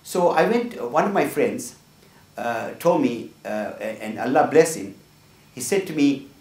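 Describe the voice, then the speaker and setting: A man's voice: medium pitch, expressive, measured pace, a little mellow. A middle-aged man giving a motivational workshop talk full of personal stories, earnest and often asking "right?". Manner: earnest, tags points with "right?". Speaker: workshop speaker. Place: room with a small group. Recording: echoey room from a distance.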